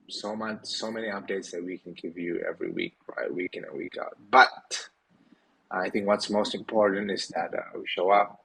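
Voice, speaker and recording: A man's voice: low voice, gravelly, fairly bright tone, a little hiss or hum, poor audio. A tired man hosting a casual live audio Q&A, rambling with many fillers and yawning late at night. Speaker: host of a community Q&A.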